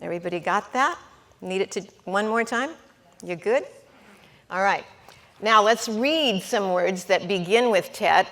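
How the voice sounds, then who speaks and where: A woman's voice: medium pitch, fairly bright tone. A woman teaching a Hebrew lesson to a class, patient and encouraging, sounding out syllables and checking that everyone follows.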